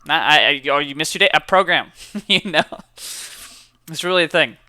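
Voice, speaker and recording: A man's voice: fairly high pitch, expressive, moderate pace, bright, forceful tone, no room sound, studio quality. A young man, a college student, chatting casually and upbeat to camera, with lots of fillers and repeated words. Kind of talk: casual motivational chat to camera.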